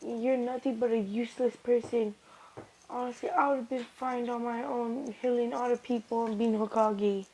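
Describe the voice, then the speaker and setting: A woman's voice: fairly high pitch, steady tone, moderate pace, dark tone, a little hiss or hum, natural voice, low-quality recording. Girl retelling a brash rude boy ninja. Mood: mocking. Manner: retold in a plain storytelling voice.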